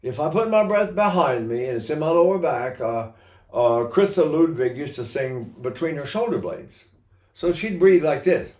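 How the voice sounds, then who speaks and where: Older guy teaching singing, kinda high voice, rambles and sings little oh oh bits, roomy echo. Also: expressive, moderate pace, darkish tone. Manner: rambling, demonstrates with sung vowels and imitated voices. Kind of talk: recorded voice lesson.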